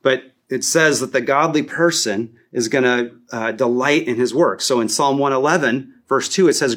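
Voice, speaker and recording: A man preaching a sermon as a pastor, animated and repeating key phrases for emphasis. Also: medium pitch, moderate pace, hardly any pauses.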